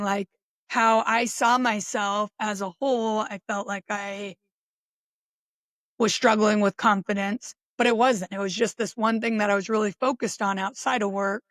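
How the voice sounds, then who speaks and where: A woman's voice: medium pitch, a bit bright, dry recording. A woman thinking aloud in a loose, unscripted personal reflection, talking conversationally with many restarts and little laughs. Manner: musing, conversational, with frequent restarts and short laughs. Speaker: self-reflection podcaster.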